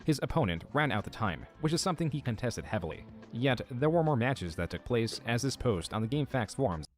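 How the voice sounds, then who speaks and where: A man narrating a commentary video in a measured, scripted read, quoting posts. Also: mid-range voice, very animated, soft background music. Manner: measured, reads out quotes.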